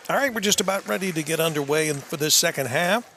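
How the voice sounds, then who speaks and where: A man co-commentating on a high school basketball game in a relaxed, chatty way. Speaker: color commentator. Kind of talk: local sports commentary.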